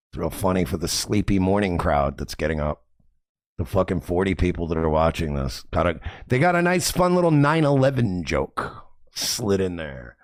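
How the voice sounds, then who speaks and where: Mocking foul-mouthed man with lively pitch. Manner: profane, mocking, rambling rant. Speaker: podcast host. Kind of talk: crude comedic commentary over clips.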